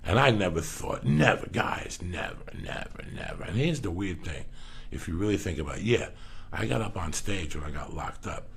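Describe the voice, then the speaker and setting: Comedian guest, man, rough gravelly voice, lively swinging delivery, swears freely. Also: low voice, a little hiss or hum. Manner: profane, animated, rapid-fire. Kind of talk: casual podcast storytelling.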